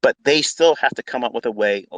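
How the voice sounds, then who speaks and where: Brief: male trading mentor, foul-mouthed and emphatic, dry close sound, mid pitch. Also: fairly quick, fairly bright tone, no room sound, poor audio. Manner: blunt, swearing, repetitive, emphatic. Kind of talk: unscripted profane rant.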